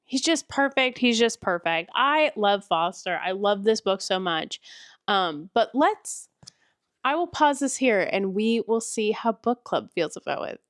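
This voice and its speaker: A young woman chatting straight to camera in an animated, gushing way, her talk full of "like". Her voice sits at a middle pitch, and the sound is close and dry. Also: unhurried, no room sound. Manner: gushing and animated, heavy use of "like". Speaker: book review creator. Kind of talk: casual chat to camera.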